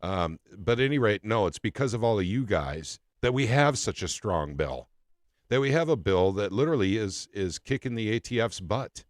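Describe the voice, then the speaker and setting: A man's voice: fairly low pitch, animated, normal speed, no room sound, studio quality. A man hosting a casual political talk show, speaking emphatically and repeating phrases for effect. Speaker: podcast host.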